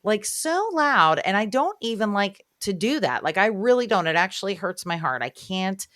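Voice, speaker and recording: A woman's voice: mid-range voice, normal speed, dry recording. Chatty woman podcast host, dry sound. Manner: chatty, animated storyteller. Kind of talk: casual podcast interview.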